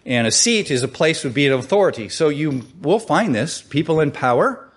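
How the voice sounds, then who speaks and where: This man preaches with a brisk, husky delivery, keeping things conversational and lively. He often poses questions to his listeners, and his pitch climbs whenever he emphasizes quoted calls.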